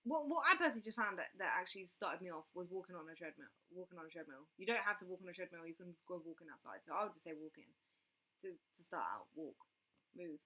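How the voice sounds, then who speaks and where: A woman hosting a casual livestream, her voice bright and forceful. She rambles along in a chatty way, full of fillers and restarts. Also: lowish voice, lively intonation, fast talker. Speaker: livestream host.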